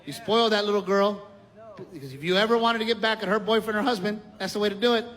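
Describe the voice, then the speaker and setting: A middle-aged man doing a stand-up comedy routine, telling stories with animated delivery and yelling his punchlines. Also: high voice, quick pace, noisy background.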